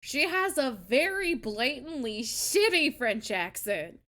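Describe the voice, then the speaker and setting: A woman's voice: high voice, sing-song, takes it slowly, bright, forceful tone. Chatty, foul-mouthed young woman streamer. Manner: chatty, swears freely, reacts with gasps and laughs. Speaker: streamer host. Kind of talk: casual live-stream chat.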